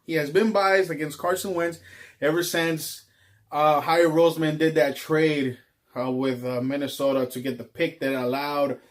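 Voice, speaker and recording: A man's voice: a little high, steady tone, normal speed. A man vlogging in a casual ranting monologue, rambling with frequent ums.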